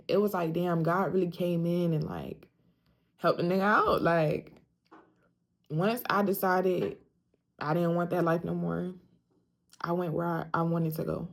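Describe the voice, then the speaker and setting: A young woman talking casually straight to camera, emphatic and slangy, often repeating lines for emphasis. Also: lowish voice. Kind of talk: casual self-talk vlog.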